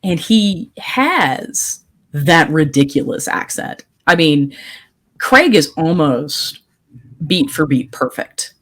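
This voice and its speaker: A woman co-hosting a casual podcast chat, opinionated and emphatic, talking in quick bursts with restarts. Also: deep voice, big pitch swings, fairly bright tone. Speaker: podcast co-host.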